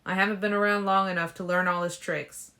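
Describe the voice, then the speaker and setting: A woman reading an injured, jealous teenage boy in a fan audiobook, loud and blunt. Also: mid-range voice, little pitch movement, fairly quick. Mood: heated.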